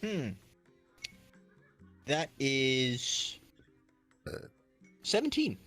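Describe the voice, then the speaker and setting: A man's voice: medium pitch, very animated, extremely slow, sharp tone, faint music behind. A man playing a bard in a tabletop game, joking and talking through his dice rolls. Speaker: player. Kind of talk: casual tabletop play.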